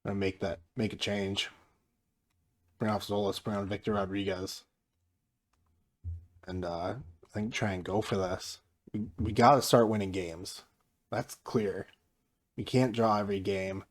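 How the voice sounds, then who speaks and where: A man with a fairly low voice talks through his football management game in a relaxed, mostly monotone way. His casual commentary stays low-key. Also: measured pace, pauses often. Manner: mostly flat and low-key, jumping up excitedly at goals; self-described monotone delivery. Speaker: gaming YouTuber.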